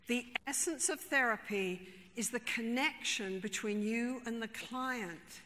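A woman therapist tells an expressive story to a conference audience in a high, bright voice. She speaks slowly and with emphasis. A long reverb from the large hall trails behind her.

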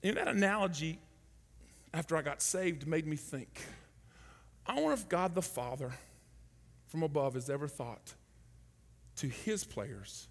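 A middle-aged man preaching a sermon, telling a story and acting out the shouted quotes. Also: fairly high pitch, a little slow, gravelly, pauses often, long reverb tail. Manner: animated, acts out shouted quotes. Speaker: pastor. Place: large church hall.

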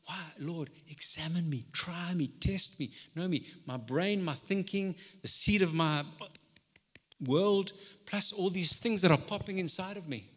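A male pastor delivers his sermon in an easy, conversational manner, now rising and pressing, now dropping almost to a hush. His voice sits a little high for a man. The hall around him adds a long, lingering reverb. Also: measured pace. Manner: conversational preaching, swings between loud and soft. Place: church hall.

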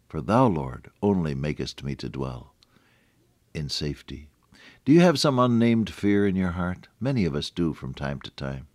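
A man's voice: very deep voice, big pitch swings, a little slow, dry recording, clean studio sound. Older man preaching a folksy radio sermon. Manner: folksy, chuckling, many restarts.

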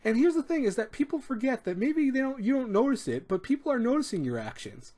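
A man's voice: very high voice, big pitch swings, quick pace, warm tone. A man hosting an advice video, talking in a rambling, emphatic way with many restarts and acted-out quotes. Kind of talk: casual advice monologue.

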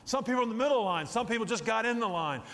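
A man's voice: very high voice, racing. A middle-aged man preaching a sermon in a church, telling folksy stories and acting out little scenes as he goes. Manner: folksy, animated storytelling with acted-out asides. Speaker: pastor. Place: church sanctuary. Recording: long hall reverb.

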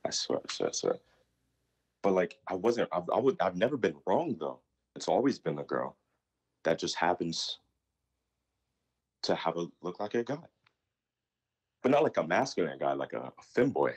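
Husky deep-voiced young man calling in. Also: very animated, normal speed, pauses often. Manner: rambling, defensive. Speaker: caller. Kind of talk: casual chat.

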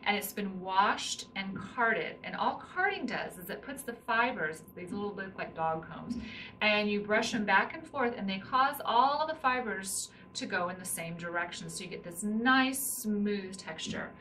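A woman's voice: mid-range voice, lively intonation, a little slow, bright, forceful tone. A middle-aged woman teaching hand spinning, explaining each step while she demonstrates with her hands. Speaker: spinning instructor. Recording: slightly distant mic with faint room noise.

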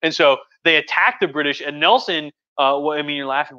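A man's voice: fairly high pitch, brisk, sharp tone, highs cut off. A man hosting a casual livestream history talk as a professor, rambling enthusiastically with many restarts. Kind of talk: casual lecture on a live stream.

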